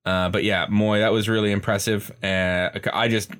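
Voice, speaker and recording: A man's voice: lowish voice, level tone, moderate pace, a bit bright. A man co-hosting a casual chat, emphatic and teasing. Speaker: podcast co-host.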